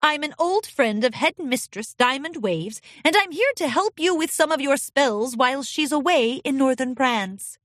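A woman's voice: sits high, expressive, normal speed, few pauses, no room sound, studio quality, voice pushed up. A woman doing a sunny regal pony princess. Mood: cheerful. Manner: sunny, warmly formal. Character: gentle regal female pony princess teacher.

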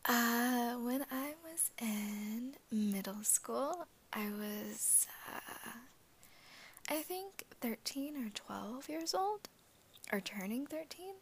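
Giggly, raspy woman in whispered casual chat. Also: a little high, lively intonation, drawn-out words, slight background noise. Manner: giggly, laughs often between phrases. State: groggy morning voice, just woken up. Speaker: ASMR channel host.

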